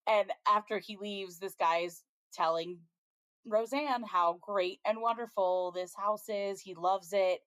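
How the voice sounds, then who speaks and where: A woman's voice: medium pitch, slow pace, a bit bright, dry recording. A woman co-hosting a podcast, casually recapping a TV episode in a chatty way, with frequent ums and laughs as she retells scenes. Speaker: podcast co-host.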